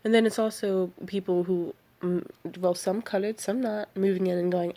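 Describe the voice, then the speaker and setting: A woman's voice: medium pitch, steady tone, normal speed, hardly any pauses, warm tone. A tired woman from the San Francisco Bay Area, ranting late at night in a heated, profane, rambling way. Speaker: vlogger.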